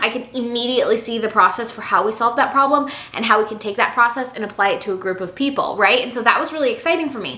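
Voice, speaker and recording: A young woman telling a personal story to camera in a casual, animated way, acting out her own past quotes. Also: a little high. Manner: animated, expressive, acts out quotes. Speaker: business coach vlogger. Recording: echoey room.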